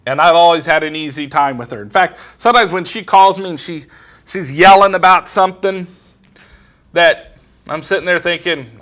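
A man's voice: fairly high pitch, moderate pace, fairly bright tone. A middle-aged man, preaching a sermon and telling everyday stories in a plain, conversational way. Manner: plain storytelling, quoting others in conversation.

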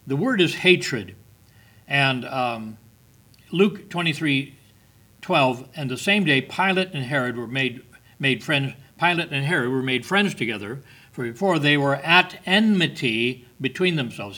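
A man's voice: mid-range voice, pushed and bright. A middle-aged man preaching a sermon, emphatic, repeating words and reading scripture aloud.

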